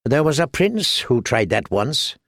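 A man's voice: medium pitch, sing-song, measured pace, a bit bright, no echo, heavily acted. Man voicing a blunt, sardonic lord. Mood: dry. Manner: dry and blunt.

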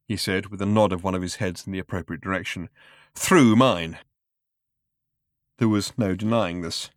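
Male audiobook narrator, lowish voice, close dry recording. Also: no echo. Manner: dry, measured storytelling. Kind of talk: scripted narration.

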